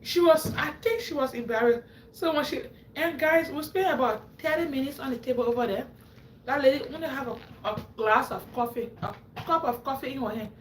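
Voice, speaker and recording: High-voiced woman telling stories live. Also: a little fast, echoey room, slight background noise. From Africa. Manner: laughs often, acts out quotes with a rising voice. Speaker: livestream host. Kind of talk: animated storytelling to a live audience.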